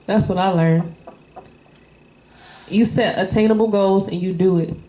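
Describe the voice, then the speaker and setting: A woman speaking candidly about her life in a loose, rambling way. Her voice sits at a middle pitch. The room around her rings with a noticeable echo. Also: fairly even intonation, a little slow, dark tone. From Illinois. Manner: candid, emotional, rambling with fillers. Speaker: interviewee, wife. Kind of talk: casual personal storytelling. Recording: echoey room.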